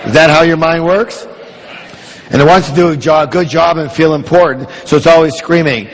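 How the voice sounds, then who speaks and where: A man with a somewhat high voice delivers a brisk motivational seminar talk in a large hall. He pushes the audience along with call-and-response questions.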